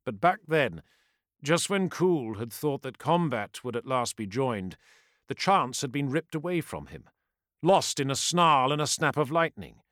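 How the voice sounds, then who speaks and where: A man giving a scripted, theatrical narration of a dark fantasy audiobook, building in intensity. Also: medium pitch, expressive, measured pace, dry recording, clean studio sound.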